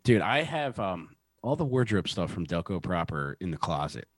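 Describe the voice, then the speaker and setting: Animated low-voiced man in his forties. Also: normal speed, no room sound, studio quality. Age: 40s. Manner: profane, animated, self-mocking. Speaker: podcast co-host. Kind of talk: casual chat.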